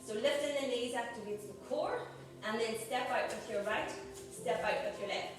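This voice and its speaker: A woman's voice: fairly high pitch, normal speed. Woman yoga teacher in an echoey room. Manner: encouraging, cueing breaths and poses. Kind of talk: guiding a live group class. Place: group exercise studio. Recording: echoey room, voice far from mic, background noise.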